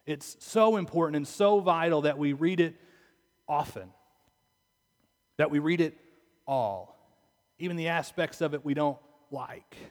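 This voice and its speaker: A man preaching a sermon as pastor, talking conversationally and asking his listeners rhetorical questions. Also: on the high side. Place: church sanctuary. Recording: long reverb of a church hall.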